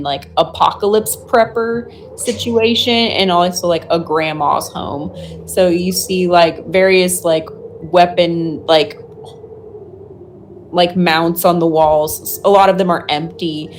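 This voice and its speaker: A woman's voice: lowish voice, a little hiss or hum. A woman playing at a tabletop game, describing things in a rambling way full of fillers. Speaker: player.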